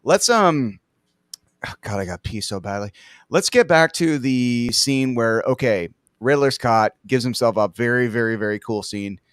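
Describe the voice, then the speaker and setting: A man chats about a film in a loose, jokey way and swears often. His voice is smooth and clean. It is recorded dry and close, with no room sound. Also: medium pitch, lively intonation, moderate pace, a bit bright, no echo. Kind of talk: casual movie discussion.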